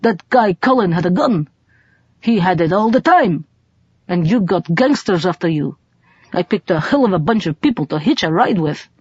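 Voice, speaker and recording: A woman's voice: fairly low pitch, animated, moderate pace, darkish tone, slightly rough, no echo, highs cut off. A woman voicing a brash, streetwise male smuggler who talks in blunt, broken English with a swagger. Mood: admiring.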